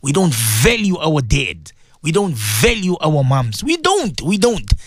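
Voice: mid-range voice, sing-song, unhurried, husky, dry recording, studio quality. A radio host giving a preaching talk, emphatic and repetitive, asking rhetorical questions and dropping Arabic religious phrases into English.

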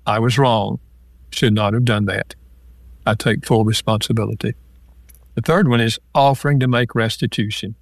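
A man, an author and counselor, calmly explaining ideas with everyday examples in an interview. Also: fairly low pitch, normal speed, creaky, dry recording. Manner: calm, explanatory, gives examples. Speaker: author and marriage counselor guest. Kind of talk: interview conversation.

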